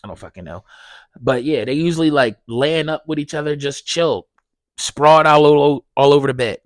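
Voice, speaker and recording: Guy ranting on his podcast, swears a lot, goes loud and high when he's mad, dry mic. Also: moderate pace, no echo. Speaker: podcast host. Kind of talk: casual ranting monologue.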